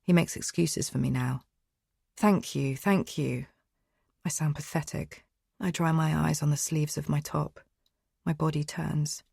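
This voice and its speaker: A woman reading a first-person thriller audiobook in a tense, hushed, introspective manner, close to the mic. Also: low-pitched, little pitch movement, normal speed, creaky, husky, no echo. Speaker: audiobook narrator.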